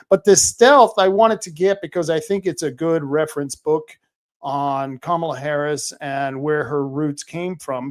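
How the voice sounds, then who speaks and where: A man hosting his own podcast, telling stories in a rambling, animated way with plenty of fillers and restarts. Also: a little high. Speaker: podcast host. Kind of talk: casual monologue.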